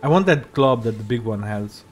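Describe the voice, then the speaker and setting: A man's voice: medium pitch, animated, normal speed, soft background music. A young man giving casual, joking commentary as he plays a video game, swearing at enemies. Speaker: gaming video creator.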